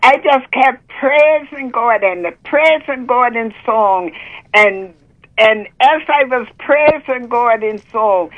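A woman's voice: a little high, takes it slowly. An older woman calling in to share a religious testimony, fervent and breaking into praise, her voice catching with emotion. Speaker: caller sharing a testimony. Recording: muffled phone line.

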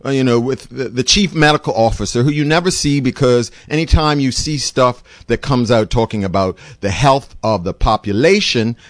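A man's voice: moderate pace, few pauses, no echo, clean studio sound. A doctor and show host, a man, giving an impassioned, rambling monologue. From Bermuda. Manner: impassioned, rambling, pitch swinging widely. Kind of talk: opinionated monologue.

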